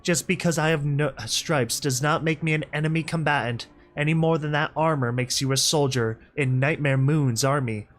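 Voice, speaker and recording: A man voicing a proud, wary female zebra speaking slowly and formally. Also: a little high, fairly bright tone, faint music behind, lightly acted. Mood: defiant. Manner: slow, careful and formal.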